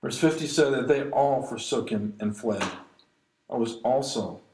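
A man preaching an expository sermon, reading scripture aloud and commenting on it, slowing down to stress key lines. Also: mid-range voice, a little mellow, a little hiss or hum. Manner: reads verses aloud then comments, slows for emphasis. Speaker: pastor. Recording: echoey room.

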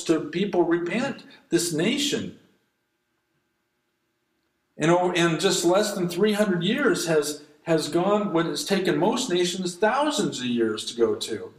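A man's voice: a little high, echoey room, low-quality recording. A man preaching an impassioned sermon, his delivery rising and falling as he reads scripture and exhorts.

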